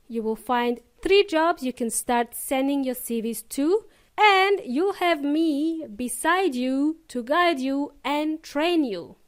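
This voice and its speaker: A woman with a New Zealand accent hosts a solo podcast, talking straight to her listeners. Her voice sits high and bright in pitch, and her delivery is chatty and upbeat. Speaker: podcast host and English teacher.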